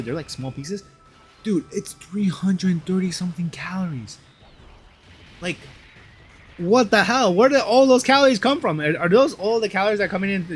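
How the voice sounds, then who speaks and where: A man's voice: on the high side, a bit bright. A young man chatting casually over gameplay, rambling and slangy with lots of "dude.". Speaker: gaming channel host.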